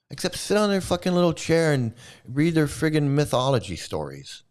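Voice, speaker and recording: A man's voice: mid-range voice, sing-song, fairly quick, a little mellow. A man hosting a commentary channel, giving an angry, profane and mocking rant. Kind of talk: ranting commentary.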